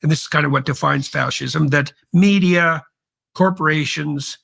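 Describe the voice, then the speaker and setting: A man's voice: on the high side, normal speed, vocal fry, a bit bright. A man hosting an interview, agreeing often and then lecturing at length. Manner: frequent yeahs, lecturing. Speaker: podcast host. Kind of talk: interview conversation.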